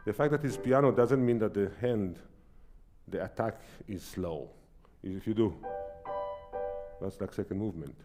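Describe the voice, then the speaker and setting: A man's voice: on the low side, moderate pace. A man teaching a piano masterclass, singing rhythms with syllables as he coaches. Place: recital salon.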